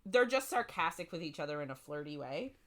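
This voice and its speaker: A woman's voice: low voice, animated, brisk, a bit bright, slight background noise. A woman co-hosting a casual book podcast, retelling the plot in a rambling way full of "like" and "um". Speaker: podcast co-host.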